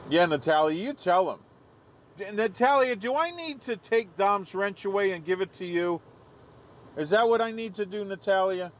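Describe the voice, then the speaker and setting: A man's voice: high voice, lively intonation, normal speed, muffled recording, a little hiss or hum. A man hosting a live stream outdoors, joking casually and laughing at his own jokes. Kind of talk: casual livestream commentary.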